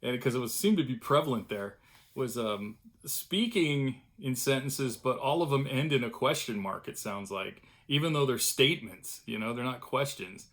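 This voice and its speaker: A man's voice: mid-range voice, expressive, moderate pace, a bit bright. A middle-aged man talking casually and at length in a home vlog, chatty and self-deprecating. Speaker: vlogger, cartoonist. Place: home studio room.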